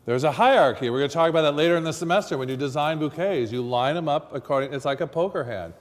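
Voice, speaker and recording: A man's voice: a little high, quick pace. Chatty man teaching in a reverberant hall. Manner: chatty, coaching, quizzes students. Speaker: floristry instructor. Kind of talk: hands-on demonstration lesson.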